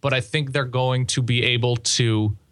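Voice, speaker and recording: A man's voice: mid-range voice, fairly even intonation, moderate pace, fairly bright tone, no room sound. A man co-hosting a casual sports podcast, talking in a laid-back, wry way. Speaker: podcast co-host.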